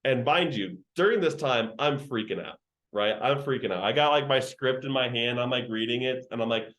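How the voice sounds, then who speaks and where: A man's voice: medium pitch, fairly even intonation, brisk, fairly bright tone. A young man leading a virtual sales training session over a video call, talking in slang and joking with the trainees.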